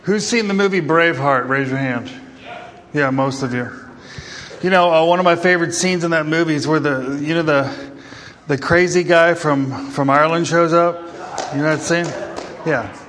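Rousing pastor in an echoing hall. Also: male voice, fairly high pitch, moderate pace, a bit bright. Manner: joking, rousing, calls for amens. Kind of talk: sermon. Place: church hall. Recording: long hall reverb.

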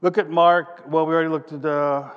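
Preaching a sermon, a man reads scripture aloud and then explains it in plain words, thinking out loud while hunting for his next passage. His fairly high, clear, resonant voice is delivered flatly and fairly quickly, with highs cut off, trailing into the long reverb of a large hall.

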